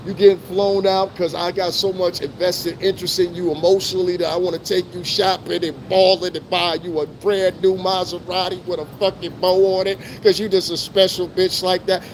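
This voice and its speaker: A man's voice: high-pitched, level tone, normal speed, few pauses, a little hiss or hum. A middle-aged man chatting loosely to his live-stream viewers on a city street, full of swearing and laughter. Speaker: livestream host.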